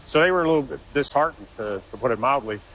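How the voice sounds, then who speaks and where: A man telling a personal story in an interview, earnest and halting, with frequent restarts. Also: medium pitch, animated, a bit bright, lo-fi sound, a little hiss or hum. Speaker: interviewee, former Marine.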